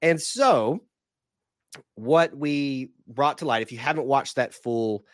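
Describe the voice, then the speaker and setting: A man, hoarse from a cold, hosting a casual sports podcast in a chatty, rambling way. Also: mid-range voice, slow, no room sound, clean studio sound. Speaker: podcast host.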